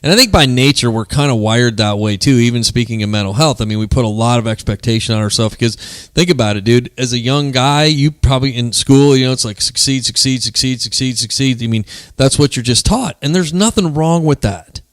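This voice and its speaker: This is a man hosting a casual podcast conversation, and he tells stories in a chatty, easygoing way. His voice sits at an ordinary middle pitch. The sound is dry, with no room echo. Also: brisk, hardly any pauses. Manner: chatty storyteller, fills with "man" and "you know". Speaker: podcast host and co-founder of a men's mental health group.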